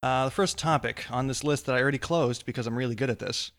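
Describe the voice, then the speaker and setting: A man's voice: mid-range voice, fast, a bit bright, faint music behind. A man co-hosting a podcast in casual chat, playful and sarcastic, laughing often. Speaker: podcast co-host.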